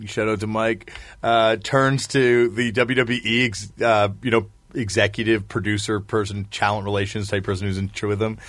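A man's voice: fairly low pitch, level tone, normal speed, a bit bright, no room sound. A man in casual chat, telling long rambling anecdotes and laughing often. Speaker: podcast guest, musician.

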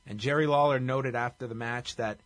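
A man's voice: mid-range voice, fairly even intonation, brisk, a bit bright, no echo. A man co-hosting a podcast, wryly recapping a show from his notes in clipped bursts. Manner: wry, running through notes in clipped bursts. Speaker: podcast co-host. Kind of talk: casual recap chat.

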